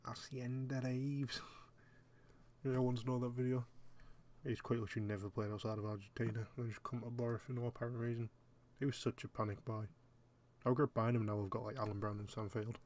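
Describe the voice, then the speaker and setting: A man's voice: medium pitch, flat delivery, fast talker, a little mellow. A young man giving casual, jokey commentary while playing a game, muttering asides to himself. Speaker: gaming YouTuber.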